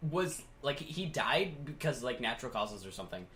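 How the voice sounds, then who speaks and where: A man's voice: mid-range voice, sing-song, normal speed, pushed and bright, slight background noise. A man co-hosting a casual podcast with friends, cracking crude jokes and laughing often. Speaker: podcast co-host. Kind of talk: casual chat among friends.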